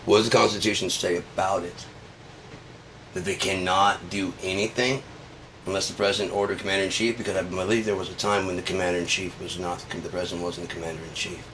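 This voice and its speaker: A man's voice: low voice, little pitch movement, fast talker, noisy background. A man delivering a sarcastic, profane comedic rant.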